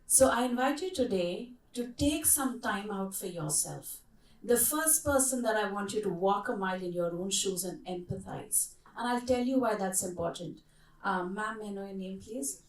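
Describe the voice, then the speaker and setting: Mid-range in pitch and moderate in pace, a middle-aged woman guides an interactive workshop, bringing stories to life and asking the audience questions. The conference hall echoes, and her voice comes from well away from the mic.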